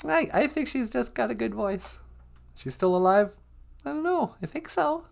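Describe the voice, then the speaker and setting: A woman's voice: on the high side, lively intonation, normal speed, gravelly. A woman co-hosting a casual morning chat, playful and giggly with a sing-song way of talking. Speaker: co-host.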